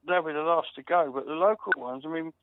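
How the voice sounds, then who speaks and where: A man's voice: fairly high pitch, quick pace, background noise. A man calling into a live chat show, chatting with lots of fillers. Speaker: caller. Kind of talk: casual chat on a live call. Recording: tinny phone line.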